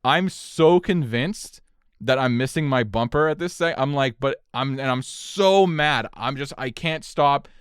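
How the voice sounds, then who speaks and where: A young man tells a wild story on a podcast, casual and loose with his language. His voice is smooth and clear, and it sits in a dry, close-miked room. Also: mid-range voice, unhurried, no echo. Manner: animated, profane storytelling with swings in energy. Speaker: podcast co-host.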